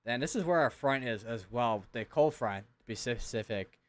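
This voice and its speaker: At his computer, a young man checks radar and alerts while hosting a live severe weather stream. His mid-range voice is animated and moves at a normal speed, and his talk is casual, with lots of fillers and restarts.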